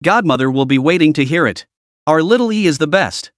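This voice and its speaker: A man's voice: on the high side, lively intonation, brisk, dry recording, clean studio sound, natural voice. A man voicing a playful, teasing godmother in an audio story, with a giggly, theatrical way of talking.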